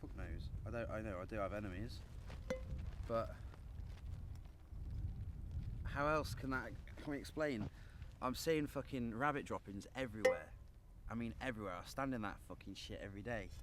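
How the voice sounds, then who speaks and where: A man's voice: fairly low pitch, normal speed, noisy background, natural voice. A man playing a swearing loner in the wild. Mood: brooding. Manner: swearing constantly, rambling and grumbling. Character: foul-mouthed, worn-down man surviving alone in the wild. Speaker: survivalist living rough. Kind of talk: improvised mockumentary acting.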